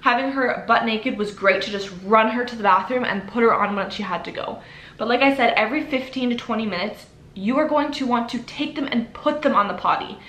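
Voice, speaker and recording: A woman's voice: on the high side, brisk, a bit bright. Chatty young woman giving parenting tips. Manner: chatty, upbeat, lots of "like" and "you know". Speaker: parenting vlogger. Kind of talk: casual advice talk to camera. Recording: echoey room.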